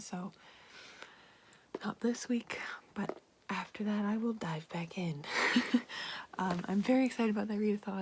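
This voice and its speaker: A woman with a Canadian accent talks casually to her viewers about books and her day. She rambles in a giggly way, filling her sentences with likes and ums. Her voice has a light creak of vocal fry. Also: medium pitch, darkish tone, slight background noise. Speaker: book vlogger. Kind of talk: casual chat to camera.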